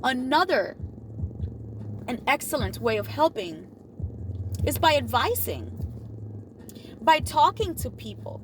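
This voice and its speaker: A woman giving motivational advice in an animated way, often acting out what other people say. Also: unhurried, background noise. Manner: animated, acts out quoted dialogue with big pitch swings. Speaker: motivational vlogger.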